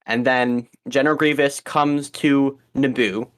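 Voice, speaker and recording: A man's voice: mid-range voice, steady tone, a little slow, a bit bright. A young man co-hosting a podcast, chatting casually and rambling with frequent ums and restarts. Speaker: podcast co-host. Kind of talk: casual chat.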